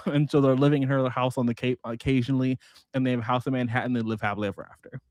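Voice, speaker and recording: Animated, profane male book vlogger. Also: mid-range voice, fast talker, no echo, studio quality. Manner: animated, profane storytelling with quoted voices. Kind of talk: casual book recap vlog.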